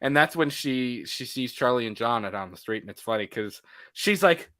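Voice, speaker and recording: Animated, bright-voiced man chatting. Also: medium pitch, normal speed. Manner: animated, laughs often, acts out scenes in voices. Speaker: podcast co-host. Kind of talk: casual movie podcast chat.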